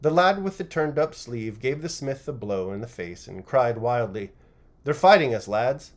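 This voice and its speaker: A man narrating a classic novel chapter by chapter as an audiobook reader, with an expressive, varied reading. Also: mid-range voice, moderate pace.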